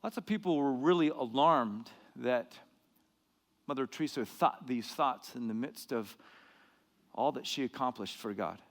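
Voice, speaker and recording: A man preaching a sermon as pastor, dramatic and lively, acting out quoted lines and getting louder for emphasis. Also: measured pace. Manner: dramatic, acts out quoted lines, rises in pitch and volume for emphasis. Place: church hall. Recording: long hall reverb.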